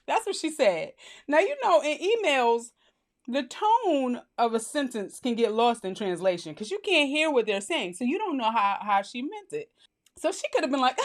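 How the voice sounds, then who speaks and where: Woman telling a storytime, goofy and laughing, voice jumps all over, a bit high. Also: normal speed. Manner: animated, goofy, laughs often. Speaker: vlogger. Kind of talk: casual storytime.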